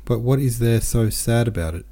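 A man reading a novel aloud as a podcast host, in a gentle, even storytelling manner with soft voices for the characters. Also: medium pitch, normal speed. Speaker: audiobook reader.

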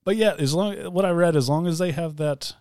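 Chatty man with halting restarts. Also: a little high, darkish tone, no echo, clean studio sound. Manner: laughs often, talks in halting restarts. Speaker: podcast co-host. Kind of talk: casual chat.

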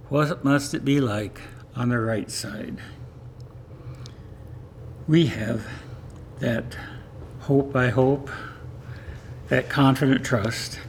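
A man preaching a calm sermon at a middle pitch, with gentle short phrases. Faint noise sits behind his voice. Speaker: pastor.

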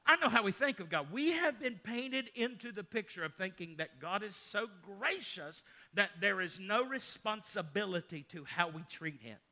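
A middle-aged pastor, preaching a sermon, moving from loud emphatic lines to hushed storytelling. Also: male voice, sits high, expressive, normal speed.

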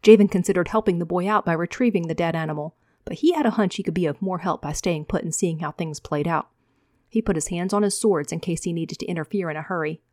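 A woman author reads her own fantasy novel in a steady, measured storytelling voice. Her pitch sits a little low, and the recording is dry and close. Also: no echo.

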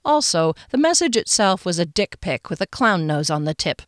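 A woman narrating a first-person novel as an audiobook, in a wry, expressive way. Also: on the low side, moderate pace, few pauses, no echo, studio quality.

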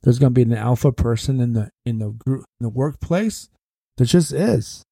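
Dark-voiced man hosting a sports podcast. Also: mid-range voice, lively intonation, moderate pace, creaky, husky, no room sound. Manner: rambling, repeats phrases for emphasis. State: short of breath. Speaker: podcast host. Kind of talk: casual sports commentary monologue.

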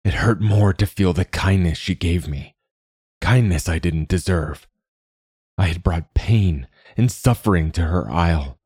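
A man voicing a weary, gruff but kind old male swordsman, speaking in a low murmur in a storybook reading. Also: measured pace, a little mellow, no echo, studio quality.

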